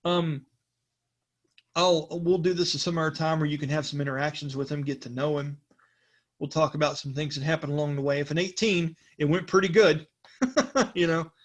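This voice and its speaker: A man's voice: on the high side, fairly even intonation, moderate pace. Laughing, rambling male game master. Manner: rambling, laughs often, self-correcting. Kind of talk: narrating a tabletop game.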